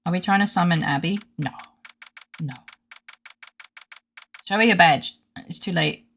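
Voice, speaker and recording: Gravelly-voiced woman streamer, joking. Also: lowish voice, unhurried, pauses often, a bit bright. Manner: joking, giggly, reads game lines aloud. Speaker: streamer playing a game. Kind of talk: casual gaming stream commentary.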